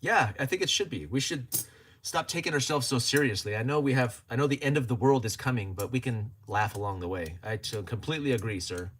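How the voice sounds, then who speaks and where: A man's voice: mid-range voice, animated, fairly quick, a bit bright, a little hiss or hum. A man hosting a casual livestream, chatting and joking as he reads viewer comments aloud and laughs often. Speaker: livestream host.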